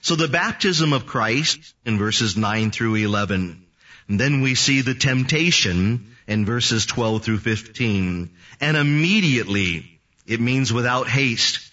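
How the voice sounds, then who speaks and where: Distant man teaching scripture, bright tone. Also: medium pitch, animated, measured pace. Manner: reads scripture then explains it verse by verse. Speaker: preacher. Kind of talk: Bible teaching sermon. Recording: distant, dull lo-fi recording.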